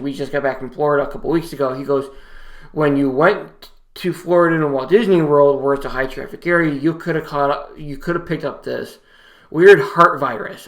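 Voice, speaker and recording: A man's voice: a little high, fairly bright tone. Man, vlogger, casual storytelling, rambling, restarts, quoted dialogue.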